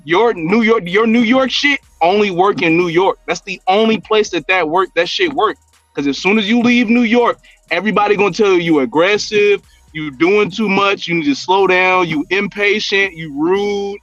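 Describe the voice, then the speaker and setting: Man, high-pitched, blunt, profane, repetitive, dry, dull lo-fi sound. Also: moderate pace, fairly bright tone, no room sound, faint music behind. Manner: blunt, profane, repeats himself. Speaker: podcast co-host. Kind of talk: casual chat.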